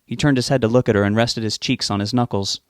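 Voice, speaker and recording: A man narrating a novel as an audiobook reader, giving the characters' lines small lifts in pitch. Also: steady tone, quick pace, clear, resonant tone, no echo, studio quality.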